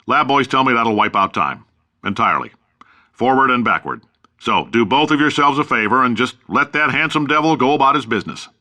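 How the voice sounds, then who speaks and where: A man's voice: mid-range voice, expressive, fairly quick, bright, forceful tone. An actor playing a brash, boastful middle-aged company boss with sarcastic salesman's patter in a video game. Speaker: company founder and CEO.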